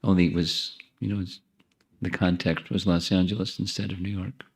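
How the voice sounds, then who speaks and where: A man's voice: sits low, level tone, moderate pace, vocal fry. A man giving an informal spiritual lecture to an audience in a temple hall, talking conversationally with asides to listeners and restarting his phrases as he thinks. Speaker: monk giving a spiritual talk.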